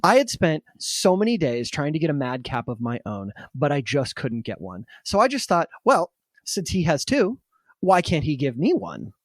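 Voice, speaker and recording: Animated man telling a story. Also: on the high side, moderate pace, no room sound, studio quality. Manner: animated, laughs easily. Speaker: podcast host telling the story. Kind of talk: casual storytelling podcast chat.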